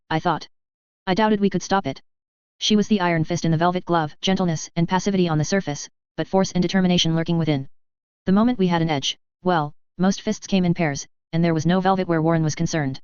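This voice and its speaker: A woman's voice: lowish voice, steady tone, fast, a little mellow, clean tone, no room sound. Woman reading an audiobook, very dry close sound, kinda dull lo-fi. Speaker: audiobook narrator. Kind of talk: first-person audiobook narration.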